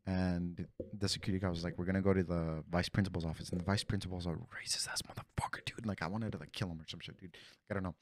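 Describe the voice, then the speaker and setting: A man's voice: sits low, steady tone, fast talker, few pauses. A young man telling a rambling, profane story in casual talk with friends, peppering it with "bro". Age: young adult.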